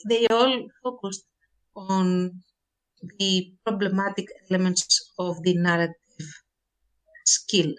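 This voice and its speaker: A woman's voice: mid-range voice, steady tone, slow, long pauses, low-quality recording. A woman co-hosting a podcast, talking in a thoughtful, hedging casual way. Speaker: podcast co-host. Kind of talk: casual chat.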